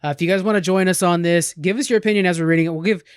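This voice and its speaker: A man hosting a podcast in casual chat, quick and chatty, often repeating words. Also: sits high, fairly even intonation, smooth, dry recording, studio quality. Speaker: podcast host. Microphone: podcast microphone.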